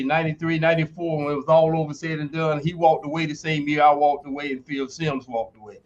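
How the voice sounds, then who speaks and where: A man in his sixties, once a football player and later a university sports instructor, tells stories as a podcast guest. His slightly high voice is emphatic, and he acts out other people's quoted lines. The audio is dull and lo-fi, like a streamed call.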